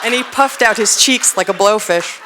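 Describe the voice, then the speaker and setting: A woman telling a personal story on stage, animated and self-deprecating, often laughing as she talks. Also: mid-range voice, normal speed, background noise. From United States. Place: stage at a live storytelling event.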